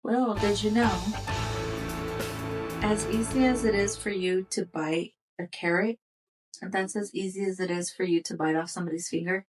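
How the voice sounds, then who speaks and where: A woman's voice: medium pitch, fairly even intonation, moderate pace, recorded from a distance, faint music behind, poor audio. A woman co-hosting a casual podcast, blunt and swearing freely as she reacts. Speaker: podcast co-host. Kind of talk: casual chat.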